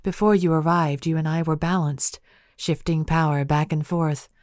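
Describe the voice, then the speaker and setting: An ancient phoenix spirit, as a woman narrator gives her lines from a fantasy audiobook. She speaks in a low, even, formal voice. The sound is close and dry. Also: normal speed, no room sound, natural voice. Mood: calm. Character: ancient female phoenix spirit, calm and knowing.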